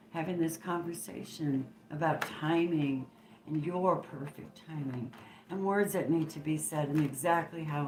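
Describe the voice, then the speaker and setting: Low-voiced woman channeling a tarot reading. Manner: emphatic and preachy, swinging between hushed and forceful, with blunt swearing. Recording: roomy echo with faint background noise.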